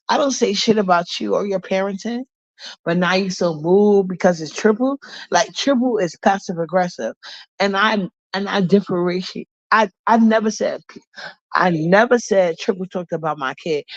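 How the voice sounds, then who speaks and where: A woman's voice: mid-range voice, dry recording. Angry woman ranting with a cold. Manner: angry, profane, defensive, repeats herself. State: stuffy with a bad cold. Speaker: live streamer. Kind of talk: heated live-stream rant. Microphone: phone on a live stream, camera off. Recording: dull lo-fi stream audio.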